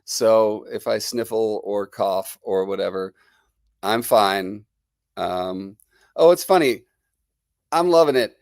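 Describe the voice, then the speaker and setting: A man's voice: on the low side, takes it slowly, long pauses, a little mellow, dry recording, studio quality. A middle-aged man with a New Jersey accent and a lingering cold, hosting a casual live stream and chatting with viewers. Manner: chatty and rambling, greeting viewers. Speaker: livestream host.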